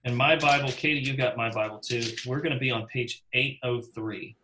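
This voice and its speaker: A man's voice: mid-range voice, fairly even intonation, a little fast, pushed and bright, slight background noise, poor audio. A man teaching a Bible class in a conversational way, calling on class members and acting out quotes in character voices.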